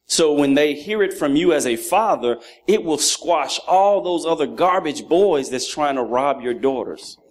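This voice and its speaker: A man's voice: fairly high pitch, a little slow, hardly any pauses. A man in his thirties preaching a sermon, mixing funny stories about his sons with lessons on fatherhood. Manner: animated, acts out voices of his children. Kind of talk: sermon with humorous family stories.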